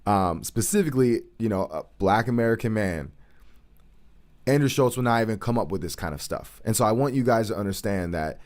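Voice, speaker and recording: A man's voice: fairly low pitch, lively intonation, a little fast, darkish tone. A man hosting a livestream, giving earnest, emphatic commentary on current events and repeating his points to stress them.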